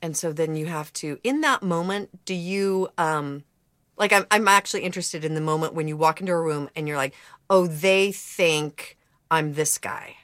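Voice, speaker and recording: A woman's voice: sits low, brisk, a bit bright, dry recording, clean studio sound. Reflective woman host interviewing. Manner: reflective, thinks aloud. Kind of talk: interview conversation.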